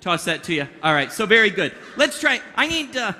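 A man's voice: sits high, big pitch swings, a little fast, pushed and bright, a faint crowd. A man performing a mind-reading act for a youth audience, chatting playfully and directing volunteers. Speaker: magician performing for a youth group. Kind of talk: interactive stage patter. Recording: long hall reverb.

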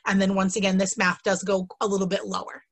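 Speaking fast in a level, medium-pitched voice, a woman teacher leads an informal instructional webinar. She's chatty and enthusiastic, often saying um and going off on asides, all while fighting the hiccups.

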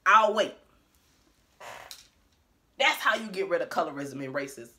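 A woman's voice: fairly low pitch, expressive, unhurried, sharp tone. A woman vlogger delivering a blunt, profane rant to camera, talking in an emphatic way and laughing between her points.

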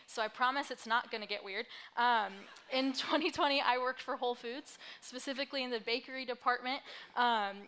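A woman's voice: on the high side, bright, forceful tone, clean tone. A young woman in her twenties giving a sermon from a church stage in a conversational, self-deprecating way with light laughs. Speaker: pastor.

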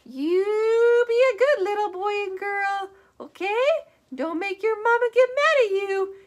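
A woman doing a quavering high old lady puppet. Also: a little slow. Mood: scolding. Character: silly old lady puppet, chatty and scolding.

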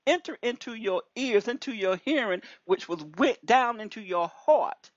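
A woman minister giving an animated testimony over a phone call, preachy and repetitive, her voice leaping high when excited. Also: normal speed, dry recording. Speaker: deliverance minister. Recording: dull lo-fi call audio.

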